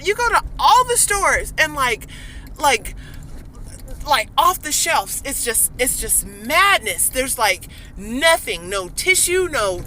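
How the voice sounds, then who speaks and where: Sitting in a parked car, a young woman with a high, sharp voice rants casually into a phone camera that's either held or set down. She rambles chattily with frequent ums and laughs, and there's slight background noise.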